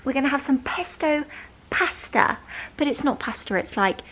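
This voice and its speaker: A woman's voice: high voice, expressive, normal speed, fairly bright tone. A young woman, chatting casually and self-deprecatingly in a home vlog. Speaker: vlogger.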